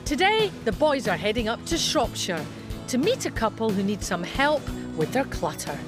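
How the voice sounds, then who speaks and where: A woman giving bright, breezy scripted narration for a television programme. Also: fairly high pitch, big pitch swings, moderate pace. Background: music.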